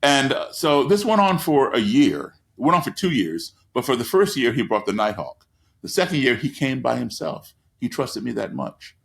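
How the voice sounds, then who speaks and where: A man's voice: medium pitch, big pitch swings, moderate pace, creaky. A man telling stories as a guest in an interview, speaking with an emphatic, repetitive cadence from his living room over a video call. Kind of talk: storytelling in an interview.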